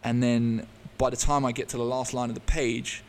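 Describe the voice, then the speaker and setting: A man's voice: mid-range voice, level tone, slight background noise. A man, a podcast guest, telling a candid personal story in an earnest, open way, often restarting his sentences. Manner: halting, frequent restarts and fillers.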